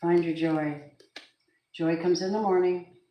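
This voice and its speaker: A woman's voice: on the low side, steady tone, unhurried, echoey room, highs cut off, slight background noise. A woman reading tarot cards, talking in an emphatic, prayerful way and often repeating herself. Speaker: tarot card reader.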